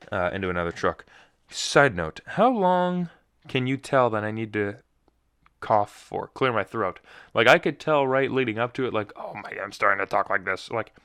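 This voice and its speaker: A man's voice: fairly low pitch, fairly bright tone, no room sound, studio quality. A young man hosting a solo podcast, telling a rambling, self-mocking story full of tangents. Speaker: podcast host. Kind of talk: casual solo chat.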